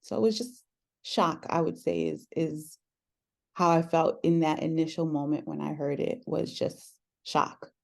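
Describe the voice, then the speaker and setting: Low, mellow-voiced woman telling a personal story. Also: fairly even intonation, vocal fry. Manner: earnest, reflective, pauses often with "um". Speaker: podcast host sharing her story as guest.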